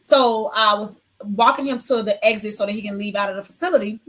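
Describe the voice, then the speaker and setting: A woman nurse giving her testimony on a faith talk show, telling an animated story and acting out the lines of people in it. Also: medium pitch, brisk.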